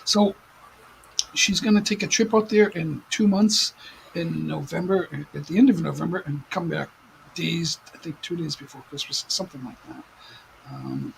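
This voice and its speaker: Gravelly American man rambling on a livestream. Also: fairly high pitch, fairly bright tone, a little hiss or hum, rough recording. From United States. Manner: rambling, halting with many fillers and restarts. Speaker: livestream host. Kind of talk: casual livestream chat. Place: home livestream setup. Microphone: desk mic at some distance.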